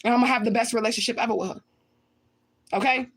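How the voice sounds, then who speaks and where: A woman's voice: on the high side, steady tone, quick pace, husky. A woman livestreaming and answering viewer comments in a blunt, confrontational way, swearing often and repeating her points for emphasis. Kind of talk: casual livestream talk.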